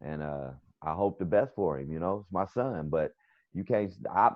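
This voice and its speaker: A middle-aged man with a New York accent and a low-pitched voice at a moderate pace appears as a comedian guest on a video call. He tells a rambling story full of quoted back-and-forth in casual chat, over dull lo-fi video call audio.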